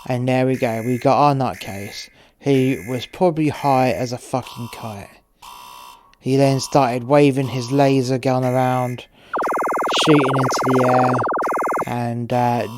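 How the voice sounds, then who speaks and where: Guy doing a cynical sweary cartel courier telling his story, mid pitch, noisy recording. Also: steady tone, measured pace, lightly acted. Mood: sardonic. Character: cynical, foul-mouthed male cartel courier. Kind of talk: first-person audio drama narration.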